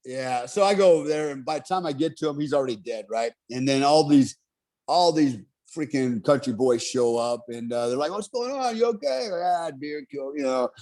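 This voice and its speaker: A middle-aged man telling a story in casual, profane talk, animated and laughing often. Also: medium pitch, a little fast.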